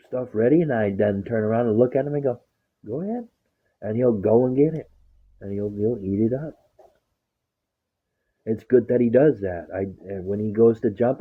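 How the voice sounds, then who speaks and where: Husky, foul-mouthed man over a tinny line. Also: on the low side. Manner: rambling, swears a lot, acts out talk to his dog. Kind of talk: casual profane storytelling. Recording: tinny phone-like sound.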